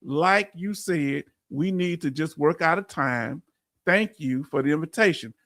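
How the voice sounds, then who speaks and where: A man with a Texan accent hosts a live stream in a high, gravelly voice. He reads chat comments aloud and speaks with emphatic, animated energy. The recording is close and dry. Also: a little slow, no room sound. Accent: Texan English. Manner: emphatic, animated storytelling with frequent laughs. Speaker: veteran live-stream host.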